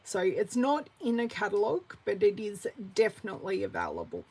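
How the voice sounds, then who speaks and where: A woman in her forties with an Australian accent, chatting through a live card-making class, answering viewers by name and muttering softly to herself as she works. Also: medium pitch, wildly swooping pitch, brisk, slightly rough, poor audio. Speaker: craft demonstrator.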